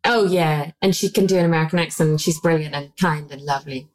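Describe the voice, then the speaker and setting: Low-voiced woman chiming in warmly. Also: fast. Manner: supportive, chiming in with agreement. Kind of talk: relaxed interview chat.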